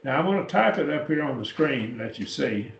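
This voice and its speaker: A man lectures on Greek words to a Bible class, explaining the word forms one step at a time without rushing as he works a computer. His mid-range voice is animated with vocal fry, and a little hiss or hum is audible. The church classroom is echoey, and the distant-mic recording sounds dull and lo-fi.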